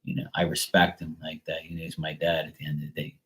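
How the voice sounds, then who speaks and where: Casting note: deep-voiced middle-aged man, blunt, swears freely, loose rambling chat. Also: monotone, fast, fairly bright tone, poor audio. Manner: blunt, profane, rambling storyteller. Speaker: tarot reader. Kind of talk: casual live-stream chat.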